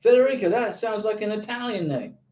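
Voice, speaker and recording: A man's voice: sits high, expressive, fairly quick, a little mellow. A man hosting a casual livestream, reading viewer questions aloud and answering them in an emphatic, encouraging way. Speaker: YouTube channel host answering viewer questions. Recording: echoey room.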